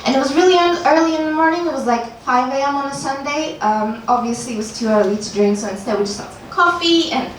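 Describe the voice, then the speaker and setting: A young woman from Turkey works through her stand-up set, tossing off punchlines dryly and chuckling at her own jokes. Her voice sits high. The recording is very echoey and far from the mic, with a layer of noise. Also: fast, hardly any pauses. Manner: dry, offhand delivery of punchlines with chuckles. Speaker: stand-up comedian. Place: comedy club stage. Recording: very echoey, distant room sound with noise.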